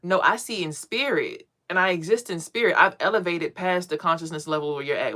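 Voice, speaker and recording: A woman's voice: fairly low pitch, fairly bright tone. A woman and mother talking to camera in a rambling, profane, streetwise way about meditation and energy. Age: adult parent. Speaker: spiritual vlogger. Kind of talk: casual spiritual monologue.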